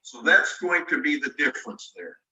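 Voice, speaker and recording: A man teaching a spelling lesson on a video call, his voice very bright and somewhat high. He walks through the rule patiently and spells words out letter by letter. He sits back from the microphone, and the room around him rings. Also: lively intonation, normal speed. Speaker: ESL teacher. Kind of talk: online class lecture. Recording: roomy sound, mic at a distance.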